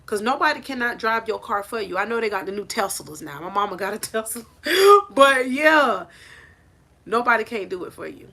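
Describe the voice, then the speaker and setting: Emphatic, bright-voiced woman coach. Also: mid-range voice, expressive, moderate pace. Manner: preachy, emphatic, repeats "I said it". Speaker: life coach. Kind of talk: motivational talk to camera. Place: on a porch outdoors. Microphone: phone held in hand.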